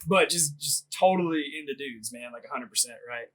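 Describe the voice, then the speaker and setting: A man's voice: mid-range voice, a little fast, a bit bright, low-quality recording. A man casually telling a long story on a podcast, laughing often, swearing freely and filling his speech with "like.". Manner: laughing, profane, rambling with lots of "like". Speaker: podcast host.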